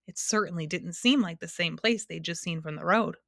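A woman narrating a storybook aloud, expressive and lingering over words. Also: on the low side, a little fast, creaky, no room sound, clean studio sound. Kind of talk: audiobook narration.

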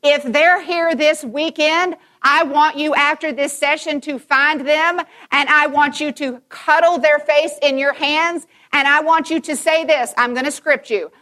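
Brief: woman in her fifties, Christian conference speaker, bright and fairly high voice, animated, acts out dialogue in her stories. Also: a little slow, hardly any pauses. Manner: emphatic and animated, acting out dialogue. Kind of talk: Christian conference talk, personal storytelling.

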